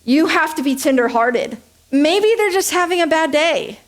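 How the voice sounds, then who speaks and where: A woman's voice: high voice, animated, normal speed. A young adult woman preaching a conversational sermon, joking at her own expense and checking in with "okay?" and "right?". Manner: chatty, joking, self-deprecating, asks "okay?" and "right?" often. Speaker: speaker at a church service.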